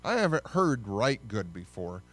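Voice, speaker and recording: A man's voice: on the low side, sing-song, measured pace, fairly bright tone. A man hosting a casual educational talk, chatty and folksy. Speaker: host.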